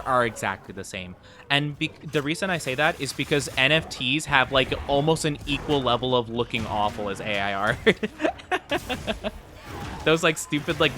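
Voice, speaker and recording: Bright-voiced young man rambling on stream. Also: medium pitch, a little hiss or hum. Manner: rambling, self-deprecating, lots of fillers and restarts. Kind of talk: casual gaming stream chat.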